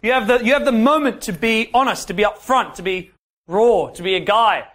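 A man's voice: high-pitched, brisk, a bit bright. A man teaching a dating workshop, talking straight to the room and often checking in with "yeah?". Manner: direct, asks the room questions, ends points with "yeah?". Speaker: dating coach. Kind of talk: workshop talk to a class.

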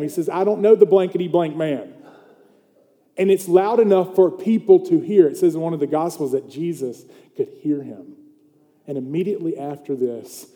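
A man with a mellow voice on the high side preaches as pastor in a long, reverberant hall. He tells the story with animation in a conversational sermon, checking in with the congregation by asking "okay?" and "right?".

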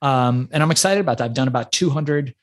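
A man's voice: medium pitch, quick pace. Iran-born man telling his story. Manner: animated storyteller with frequent restarts. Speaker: podcast guest. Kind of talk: casual interview storytelling.

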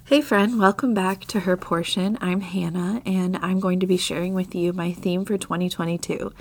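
Woman with a scratchy, gravelly voice. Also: lowish voice, steady tone, normal speed. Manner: earnest, confessional, soft laughs. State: scratchy voice from tail end of an illness. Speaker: podcast host. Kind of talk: devotional Bible talk.

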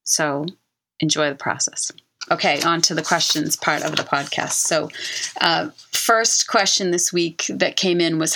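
A woman's voice: low voice, a little slow, gravelly, sharp tone. A middle-aged woman hosting a self-help podcast, coaching listeners earnestly and repeating key phrases for emphasis. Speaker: podcast host and author.

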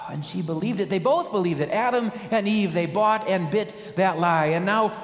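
Man pastor, fairly high pitch, emphatic preaching with rhetorical questions, roomy reverberant church sound. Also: moderate pace, hardly any pauses. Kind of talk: sermon.

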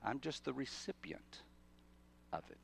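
A man preaching a sermon in a church, emphatic, repeating and restarting phrases, swinging between urgent loudness and quiet. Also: mid-range voice, sing-song, a little slow, vocal fry, breathy edge.

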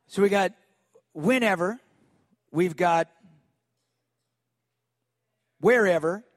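A man preaching a sermon, telling a personal story in a lively way and calling on the congregation to respond. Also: sits high, a little slow, no echo. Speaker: pastor.

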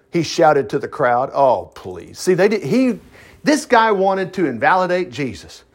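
Animated male Bible teacher, chatty reading with asides, somewhat high, very expressive. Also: moderate pace, husky. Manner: animated, breaks into asides and acted-out voices. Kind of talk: informal Bible reading with commentary.

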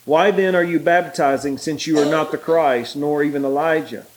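A man's voice: on the high side, poor audio. Man leading a bible study. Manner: relaxed, halting, many fillers; reads scripture aloud in a raised voice. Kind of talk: prayer and scripture reading.

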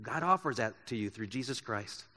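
A man preaching a sermon in a church, swinging from loud emphasis to soft, slow words. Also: medium pitch, lively intonation, big-room sound. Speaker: pastor. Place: church sanctuary.

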